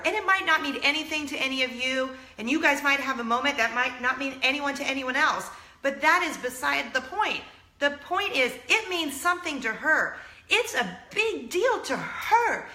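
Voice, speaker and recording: A woman's voice: high-pitched, sharp tone, roomy sound. A woman in her thirties, telling a personal story to her viewers in a casual, earnest and emotional way, close to tears at times. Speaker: vlog host.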